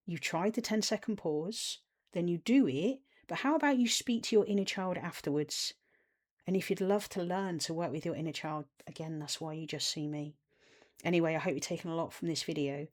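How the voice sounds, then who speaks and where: Woman, self-help coach, earnest, encouraging, lowish voice. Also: darkish tone. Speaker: inner-child coach. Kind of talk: self-help video talk to camera.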